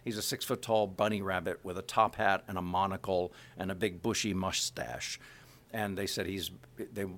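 A middle-aged male voice actor chatting in an interview, animated and full of fillers. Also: sits low. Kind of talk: casual interview chat.

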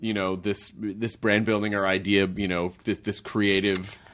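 A man's voice: lowish voice, level tone, normal speed, fairly bright tone. A man hosting an interview podcast, enthusiastic and rambling, often restarting his sentences. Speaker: podcast host. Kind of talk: casual interview chat.

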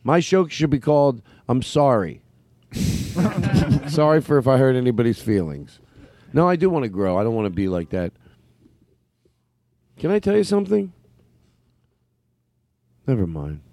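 Rambling comedian with a lively voice. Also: male voice, mid-range voice, normal speed, no echo. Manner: meandering, self-interrupting, full of fillers and restarts. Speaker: comedian podcast host. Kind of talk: casual rambling chat.

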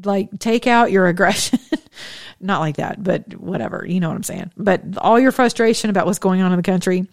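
A woman's voice: medium pitch, normal speed, vocal fry, no room sound, clean studio sound. A woman hosting a faith talk show, giving a preachy, candid monologue to women listeners with frank, chatty asides. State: widowed, speaking as a single woman.

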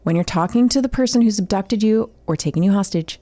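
A woman co-hosting a casual comedic podcast, reading out tips and joking, with frequent laughs and quick restarts. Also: medium pitch. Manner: animated, laughs often, talks in quick restarts. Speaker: podcast co-host.

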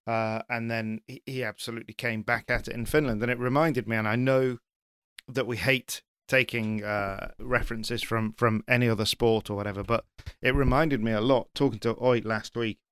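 A man's voice: mid-range voice, moderate pace, smooth, no echo. A man chatting as a rally journalist, telling stories with energy and arguing back firmly. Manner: animated storyteller, argues back firmly. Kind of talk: casual chat.

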